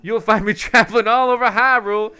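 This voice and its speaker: A man's voice: fairly even intonation, a little fast, pushed and bright, clean tone. A man voicing a chatty male traveling bug merchant with a put-on accent, upbeat and salesy. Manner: salesy, upbeat, chuckling through the pitch.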